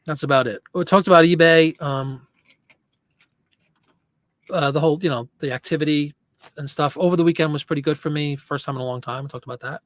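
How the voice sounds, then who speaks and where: A man's voice: fairly high pitch, brisk, long pauses, a bit bright, no echo. A man hosting a casual live stream, chatting loosely and answering viewer comments as he rambles. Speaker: host.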